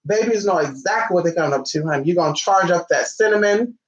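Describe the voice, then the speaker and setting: A man leads a live-stream ritual tutorial with flamboyant sass, calling everyone honey and chatting back as viewers comment. He talks fast in a high voice, and the recording is muffled and echoey.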